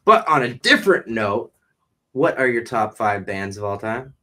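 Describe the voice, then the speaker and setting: A man's voice: mid-range voice, sing-song, normal speed, pushed and bright, a little hiss or hum. A young man from the Boston area hosting a podcast, chatting casually with a guest, joking and rambling and swearing freely. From Boston area, New England. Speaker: podcast host. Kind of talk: casual chat interview.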